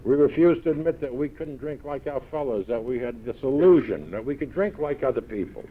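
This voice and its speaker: A man with a New York accent telling gruff, punchy stories to a meeting audience, full of quoted one-liners. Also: medium pitch, lively intonation, fairly quick. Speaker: recovery meeting speaker. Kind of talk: storytelling talk to an audience. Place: large event hall. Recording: tinny old 1970s tape recording.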